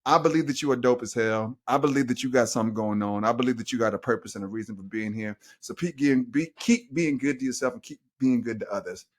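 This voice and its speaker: A middle-aged man hosting a casual podcast as a life coach, talking in an animated, slangy way and addressing listeners as y'all. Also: medium pitch, quick pace, hardly any pauses.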